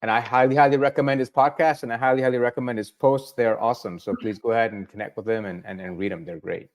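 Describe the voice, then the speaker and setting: A man's voice: mid-range voice, steady tone, fast. A man hosting a business podcast interview, asking questions and encouraging his guest. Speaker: podcast host.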